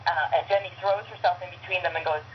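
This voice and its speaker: Lowish woman voice actress telling stories on a speakerphone, muffled line, bit of hiss. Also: fast. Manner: animated storyteller, many fillers. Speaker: guest, voice actress. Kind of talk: casual phone chat.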